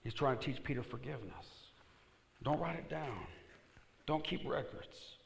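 A male pastor preaching a sermon, reading scripture and shifting between quiet asides and loud emphatic bursts, calling on the congregation to answer back. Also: medium pitch, very animated, moderate pace, creaky, echoey room, slight background noise. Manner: reads scripture aloud and calls on the congregation to respond.

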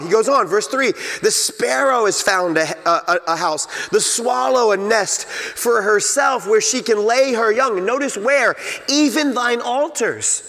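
A man with a strikingly high, bright voice preaches a sermon in a church, taking his time over every phrase. He leans on repetition and emphasis. The room carries a long, hall-like reverb. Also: measured pace. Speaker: pastor. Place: church sanctuary.

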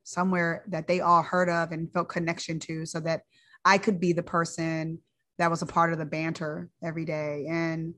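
Woman physician, personal storyteller, lower pitch, chatty with restarts. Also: little pitch movement, moderate pace, fairly bright tone. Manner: conversational, repeats words, fillers.

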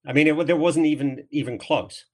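A man's voice: on the high side, fairly quick, darkish tone. A man from England with a southern English accent, a guest telling stories in a podcast interview, full of restarts and fillers. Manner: rambling, many restarts and fillers. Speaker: interview guest, former trade magazine editor.

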